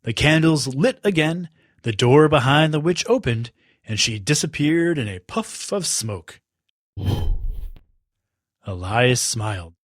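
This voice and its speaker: A man narrating a children's story in an expressive, unhurried way. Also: mid-range voice, no echo, studio quality.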